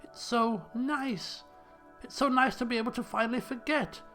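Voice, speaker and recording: A fragile woman trembles on a phone line, close to tears, as a man puts her on. The voice rides high and swings widely in pitch. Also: very animated, moderate pace, sharp tone, faint music behind, heavily acted. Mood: tearful.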